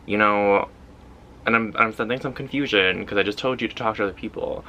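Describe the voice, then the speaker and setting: A man talking through a tarot reading in a relaxed, intuitive way, with lots of "like" fillers. His voice sits a bit low but has a bright, tense edge. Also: fairly quick, lo-fi sound, slight background noise. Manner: loose and intuitive, heavy use of "like" fillers. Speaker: tarot reader. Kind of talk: casual pick-a-card tarot reading.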